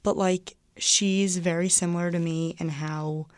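A woman's voice: on the low side, steady tone, measured pace, no echo, studio quality. A young woman student, a guest on a casual podcast, rambling and saying "like" a lot. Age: young adult. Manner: rambling, heavy use of "like".

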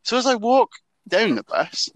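A young Welsh man telling a story in casual chat, animated and swearing a lot. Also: high-pitched, moderate pace, a crowd in the background, poor audio. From Wales.

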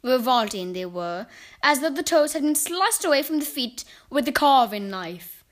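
Woman storyteller, high voice, expressive, dramatic read-aloud. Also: moderate pace. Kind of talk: reading a children's book aloud.

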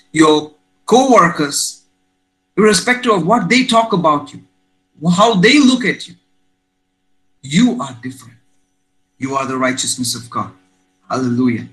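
A man's voice: a little high, fairly bright tone, rough recording. A man preaching a sermon as pastor, emphatic and storytelling, with rising exclamations.

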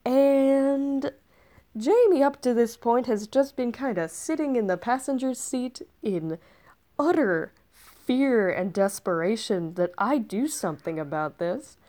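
Woman, high-ish, very animated intonation; casual in-character storyteller, rambling and sarcastic. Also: unhurried. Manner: chatty and rambling, with sarcastic asides. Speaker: time-traveler storyteller.

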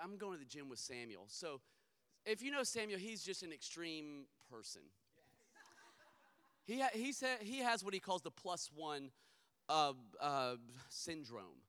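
A man's voice: fairly high pitch, bright, forceful tone, clean tone. A middle-aged man preaching a sermon, emphatic and rhythmic, slipping into humorous personal storytelling. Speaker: pastor.

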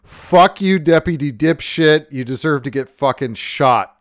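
Podcast host, excitable profane ranting, smooth tone, mid pitch, dry close sound. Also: male voice, a little slow, no room sound. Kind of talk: casual podcast chat.

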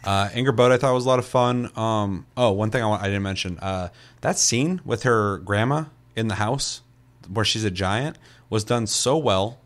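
A man's voice: lowish voice, normal speed. A young man chatting casually as a podcast co-host, loose and profane, rambling with lots of fillers. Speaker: podcast co-host reviewing a video game. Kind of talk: casual chat.

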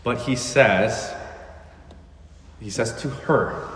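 A man's voice: mid-range voice, expressive, moderate pace, slight background noise. A man preaching a sermon, earnest, with rhetorical questions, recorded in a church sanctuary. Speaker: pastor. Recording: echoey church hall with long reverb.

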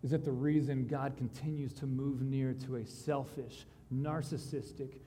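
A pastor preaching a sermon, retelling scripture in casual, conversational voices and dropping to a quiet intensity. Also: male voice, medium pitch, flat delivery, normal speed, slight background noise. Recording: long reverb of a large hall.

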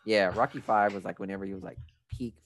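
A man's voice: low-pitched, fairly even intonation, fast talker, a little hiss or hum. A young man co-hosting a casual movie podcast, blunt and profane, rambling through opinions. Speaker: podcast co-host.

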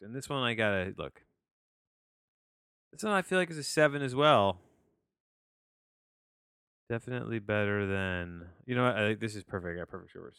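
A man talks through a film review in relaxed podcast chat, with a fairly low voice. He backtracks often, restarts his sentences and swears offhandedly. The sound is dry, with no room echo. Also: clear, resonant tone. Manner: loose, full of restarts and self-corrections. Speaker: podcast host reviewing movies. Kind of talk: casual rambling chat.

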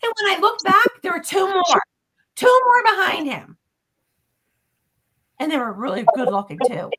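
A woman guest on a podcast, casually retelling a story in an animated, profane way. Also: very high voice, measured pace, crowd noise, rough recording.

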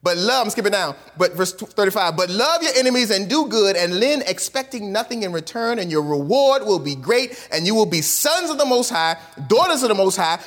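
A man preaching a sermon, reading scripture aloud and acting out the quotes, with casual, colloquial phrasing. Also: high-pitched. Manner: animated preaching, reads scripture aloud, acts out quotes in voices. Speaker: pastor.

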